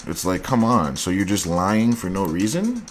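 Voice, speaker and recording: A man's voice: sits low, very animated, moderate pace, slight background noise. A man hosting a dating advice show, giving blunt, crude and mocking commentary on dating profiles.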